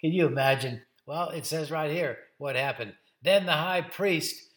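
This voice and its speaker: A man's voice: on the high side, normal speed, a bit bright, roomy sound. A man preaching a sermon, dramatic and emphatic, lingering on words for effect. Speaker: pastor.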